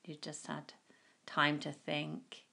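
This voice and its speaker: Brief: middle-aged woman from England, low, gravelly, chatty and relaxed. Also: takes it slowly. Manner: chatty, laughs often, fond and relaxed. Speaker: guest. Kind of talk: casual chat.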